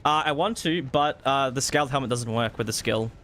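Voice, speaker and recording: Bright-voiced excitable gaming streamer man. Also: medium pitch, a little fast, a little hiss or hum. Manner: excitable, swears freely, laughs often. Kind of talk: live gameplay commentary.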